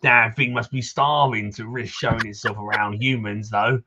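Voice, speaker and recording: A man voicing a gruff, swearing townsman from a game, his accent wandering as he reads. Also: lowish voice, fairly even intonation, normal speed, muffled recording, noisy background, natural voice. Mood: grumbling. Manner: curses constantly, drifting between accents. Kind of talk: reading game dialogue aloud.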